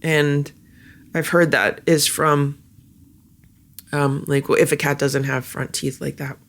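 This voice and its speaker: Home cat vlogger with a fry-heavy voice, chatty and halting, cooing gently at the cats. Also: mid-range voice, level tone. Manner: chatty, halting with many fillers; soft baby talk to cats. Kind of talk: casual vlog chat.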